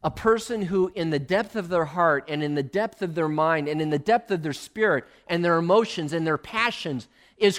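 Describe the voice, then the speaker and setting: A male preacher giving a sermon, emphatic and swinging between loud and hushed. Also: fairly high pitch, normal speed, few pauses.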